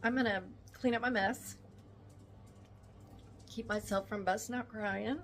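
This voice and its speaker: A woman's voice: mid-range voice, steady tone, a little slow, slight background noise, poor audio. An older woman chatting casually to her viewers while she cooks at home, tender and emotional. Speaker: vlogger. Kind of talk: casual vlog chat while cooking. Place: home kitchen.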